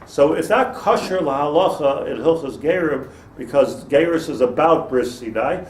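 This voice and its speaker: A rabbi gives a class an informal Torah lecture, wandering into digressions, restarting sentences, and laughing at his own jokes. His voice is fairly high and his pace moderate. The recording sounds roomy, with a distant mic and faint noise.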